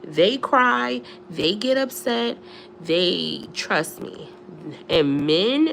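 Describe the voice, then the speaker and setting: A young woman spills a storytime in loose, chatty talk, talking straight to her viewers. Her voice sits low with a gravelly edge, and it jumps up high whenever she quotes herself. There is a faint hiss under the recording. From Philadelphia. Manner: animated, swings to high squeals when quoting herself, chatty asides to viewers. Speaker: storytime vlogger. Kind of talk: casual storytime chat.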